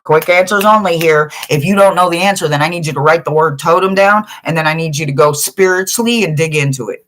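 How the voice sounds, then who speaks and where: A woman's voice: deep voice, fast, a bit bright, rough recording. A woman working as a spiritual reader, giving a blunt, emphatic pep talk to the listener. She swears freely and repeats phrases to drive her points home.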